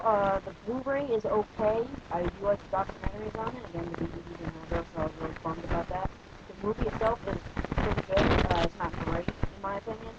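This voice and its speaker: A man's voice: sits high, highs cut off, heavy background noise. A man giving a casual spoken movie review, hesitant and rambling, with many fillers and blunt opinions.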